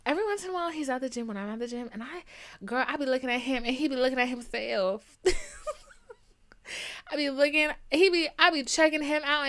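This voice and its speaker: A young woman hosts a podcast, telling stories in a casual, animated monologue. Her delivery swings from low murmurs to excited bursts.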